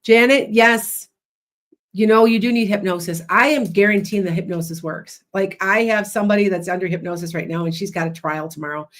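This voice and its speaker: A woman hosting a livestream as a psychic and hypnotist, chatting loudly and rambling with many restarts. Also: medium pitch, a little fast.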